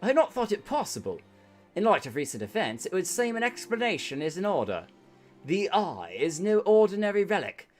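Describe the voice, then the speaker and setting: A grave older knight, once a dragon warrior and now a mentor, speaks in a solemn, formal way with a put-on English accent, as a man puts him on while reading a game aloud. His voice sits a little higher than the reader's own and moves in lively swoops. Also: fairly quick, faint music behind.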